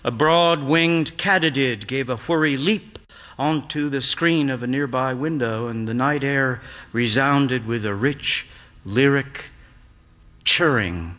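An older man reading a literary story aloud in a quiet, reflective narrating voice. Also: medium pitch, slow. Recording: long hall reverb.

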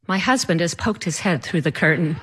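A woman's voice: on the low side, animated, fairly quick, a bit bright, husky. A woman telling a personal story in a wry, self-mocking way.

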